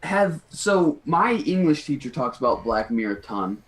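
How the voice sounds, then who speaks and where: A man chatting casually as co-host, relaxed and hesitant, with many ums. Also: on the high side, moderate pace. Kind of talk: casual chat.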